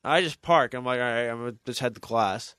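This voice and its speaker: A man's voice: mid-range voice, fairly quick, fairly bright tone, clean tone, dry recording, studio quality. A young man hosting a podcast, telling a long rambling story in casual chat with many restarts. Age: young adult. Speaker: podcast host.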